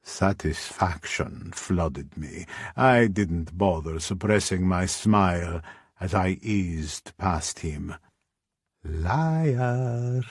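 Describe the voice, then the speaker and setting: A man narrating a romance audiobook in a measured, scripted first-person read. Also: sits low, slightly rough, no room sound, studio quality.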